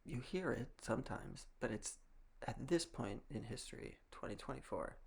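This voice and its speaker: A man from the area, musing in a casual monologue and pausing often with ums. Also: medium pitch, expressive, creaky, slightly rough. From Boston area. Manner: musing, hesitant with frequent ums. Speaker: video creator.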